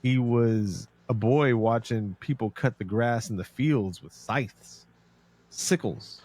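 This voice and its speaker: Man, podcast co-host, casual movie talk, animated storyteller, middle pitch, dry sound. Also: slow, no echo. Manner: animated storyteller, acts out quotes. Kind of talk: casual film discussion.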